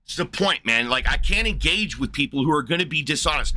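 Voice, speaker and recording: A man with a very bright, sharp voice that sits fairly high, pressing a challenger with heated, profane questions. He sounds frustrated and angry throughout. The sound is close and dry. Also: lively intonation, dry recording. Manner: combative, profane, rapid questioning. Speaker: livestream host. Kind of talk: heated livestream rant.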